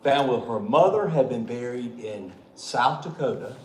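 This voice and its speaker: In an echoey meeting hall with faint background noise, a middle-aged state treasurer tells folksy, joking stories, chuckling often. His mid-range voice is expressive and unhurried.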